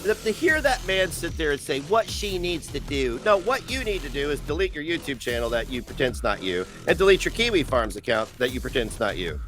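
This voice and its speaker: A man's voice: a little high, sing-song, a little fast, few pauses, a bit bright, soft background music. A man ranting on a livestream in a profane, mocking, sarcastic way. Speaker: streamer.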